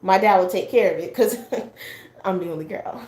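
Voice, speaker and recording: A woman's voice: mid-range voice, normal speed, darkish tone. Young woman rambling through a story, echoey room. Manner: rambling, heavy fillers, acts out family quotes. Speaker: guest sharing a personal story. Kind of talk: casual storytelling chat.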